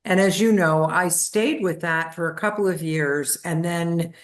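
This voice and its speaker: An older woman in her seventies, a guest on a podcast, recounts memories with lively storytelling energy. Her voice sits slightly low and she slips into little voices for the family members she quotes. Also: measured pace. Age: 70s.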